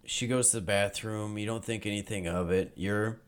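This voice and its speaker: A man co-hosting a comedy podcast, telling an absurd improvised story in a deadpan way. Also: on the low side, normal speed, clear, resonant tone. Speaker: podcast co-host.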